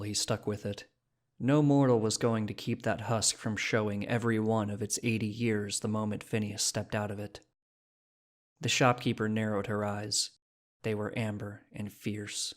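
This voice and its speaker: A man reading short stories aloud as narrator, in a steady storytelling manner. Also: fairly low pitch, measured pace. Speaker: story reader. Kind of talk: scripted narration.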